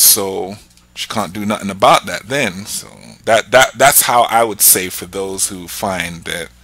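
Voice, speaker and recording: A young man co-hosting a podcast, chatting casually and telling lively stories with acted-out quotes. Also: fairly low pitch, no echo. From Nigeria. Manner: animated storytelling, acting out quoted voices. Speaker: podcast co-host. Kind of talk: casual chat.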